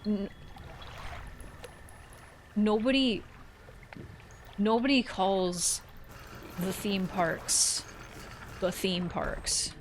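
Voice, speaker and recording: With a mid-range voice and a little hiss or hum on the recording, a Central Florida gaming streamer in her thirties speaks very slowly and pauses often. She tells rambling stories as she plays, swearing some and laughing at herself.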